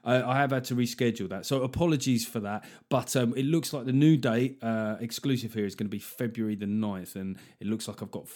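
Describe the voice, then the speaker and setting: A man's voice: medium pitch, a little mellow. A man hosting his own podcast, talking casually and jokily, rambling through asides and little acted-out bits. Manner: chatty, jokey, rambling with asides and acted-out quotes. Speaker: podcast host. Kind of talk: casual solo chat.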